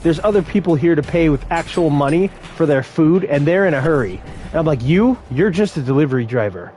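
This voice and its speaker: A man's voice: a little high, fairly quick, slight background noise. Brash man telling work stories. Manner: brash, animated retelling of confrontations. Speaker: fast food worker. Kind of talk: casual storytelling vlog.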